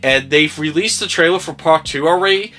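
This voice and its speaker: Man, film reviewer, casual vlog, sarcastic, animated, bright forceful voice, faint music behind. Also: fairly high pitch, a little fast. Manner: animated, sarcastic, swears freely.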